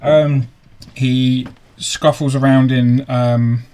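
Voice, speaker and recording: Male GM, mid-pitched, slow halting narration. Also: flat delivery, darkish tone. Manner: halting, full of ums and restarts. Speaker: game master. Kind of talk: narrating a tabletop game online.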